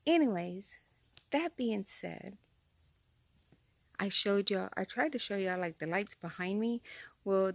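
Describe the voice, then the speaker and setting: A woman vlogger telling a story straight to her viewers from inside a car, rambling and excitable. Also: mid-range voice, creaky, no room sound. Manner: talks straight to viewers, rambling and excitable, says "freaking" a lot. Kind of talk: casual chatty storytelling to camera.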